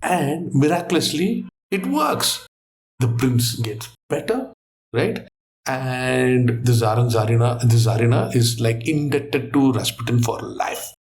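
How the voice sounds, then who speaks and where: A man guesting on a quiz show who thinks aloud and tells stories in an animated, casual way. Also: medium pitch, unhurried, a little hiss or hum.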